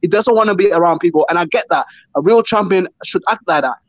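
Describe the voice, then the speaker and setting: A man arguing as a boxing fan, insistently repeating phrases to calm the other speaker down. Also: sits high, fast, no room sound, highs cut off. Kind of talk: heated casual argument.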